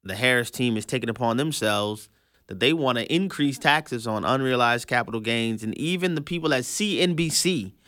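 A man's voice: mid-range voice, expressive, moderate pace, bright, forceful tone, dry recording. A man hosting a radio talk show, casual and joking, often repeating and restarting his words. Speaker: radio host.

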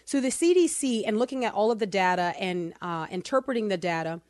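A woman hosting a casual opinion podcast, her voice sitting mid-range and close to the mic in a dry, dead room. She talks fast through figures, then slows hard on key words, dropping in sarcastic asides as she goes. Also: mid-range voice, no room sound. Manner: animated, sarcastic asides, quick bursts then slow emphasis. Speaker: podcast host.

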